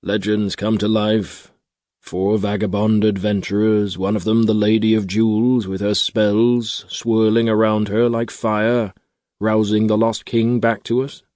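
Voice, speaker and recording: A man voicing an old male minstrel in a tavern, gentle and wry, speaking softly in an audiobook. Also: lowish voice, flat delivery, a little slow, no echo, natural voice. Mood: wry disbelief. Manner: soft, quiet, teasing.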